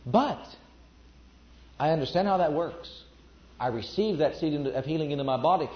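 A man's voice: on the high side, animated, normal speed. Man, preacher, sermon, emphatic, repeats lines, roomy echo, muffled old tape. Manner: emphatic, repeats declarations for the congregation. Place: church before a congregation. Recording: echoey, dull lo-fi recording.

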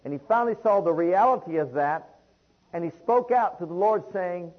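Husky-voiced man preaching a sermon. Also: high voice, lively intonation, brisk, muffled recording. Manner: reads scripture in King James wording, calls listeners beloved.

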